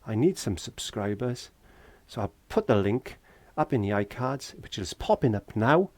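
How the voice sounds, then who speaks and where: This painting tutor from Wales has a lowish, darkish voice with lively intonation and a normal speaking speed, recorded with no room sound. Working in his garden shed, he keeps up a chatty, jokey patter to himself during a relaxed painting tutorial.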